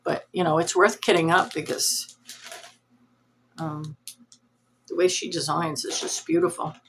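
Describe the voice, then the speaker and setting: A woman's voice: low voice, level tone, a little slow, slight background noise. A woman hosting a cross-stitch vlog, chatting casually to camera in a nasal, rambling, self-deprecating way.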